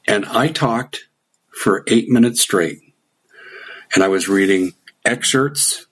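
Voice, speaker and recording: A middle-aged man with a low, husky voice tells a story in a casual way. He acts out the back-and-forth of a conversation, chuckling now and then. His delivery stays relaxed and lively. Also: slow. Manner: animated anecdote with quoted dialogue and chuckles. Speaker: guest telling a story.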